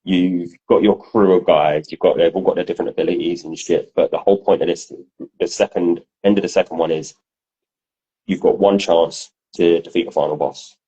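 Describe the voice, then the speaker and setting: Man, deep voice, husky, casual podcast chat, animated storyteller, swears. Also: brisk, highs cut off. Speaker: podcast co-host.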